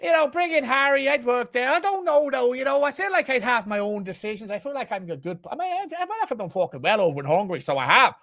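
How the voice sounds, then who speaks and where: A man's voice: very high-pitched, expressive, quick pace, creaky, few pauses, sharp tone, exaggerated voice. A man putting on a boastful, swearing Irish football manager with a put-on Irish accent, rambling in comic banter. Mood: cocky. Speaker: co-host. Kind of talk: comedic impression in podcast banter.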